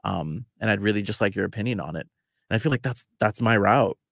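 A man co-hosting a radio show, explaining himself in a measured, thoughtful, somewhat hesitant way. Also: fairly low pitch, animated, vocal fry, a bit bright, no room sound, studio quality. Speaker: radio co-host. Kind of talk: casual chat.

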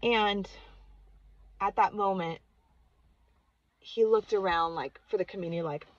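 A woman's voice: mid-range voice, measured pace, no room sound, lo-fi sound. A woman vlogger casually telling a personal story, earnest and chatty, saying "like" constantly.

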